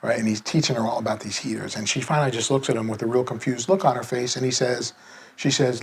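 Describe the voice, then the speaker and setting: A man's voice: medium pitch, fast talker, slight background noise. A man teaching a sales lesson through a casual story, acting out the people he quotes. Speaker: sales trainer.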